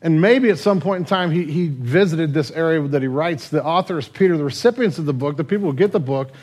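A male pastor delivering a sermon in a relaxed, conversational style. His voice sits slightly higher than most men's, and he moves between energetic, loud retelling and quiet, tender moments. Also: quick pace. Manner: casual storytelling, swings from loud and lively to hushed and tender.

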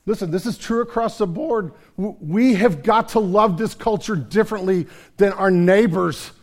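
A man preaching a sermon as pastor, folksy and conversational, swinging between hushed and loud passages. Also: high voice, normal speed.

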